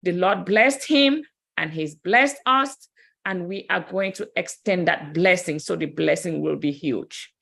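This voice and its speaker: A woman's voice: lowish voice, unhurried, creaky. A woman speaking on an online call, giving thanks and blessings and saying she is tired. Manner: warm, blessing-filled and tired. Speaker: call participant. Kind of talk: excited online call testimony.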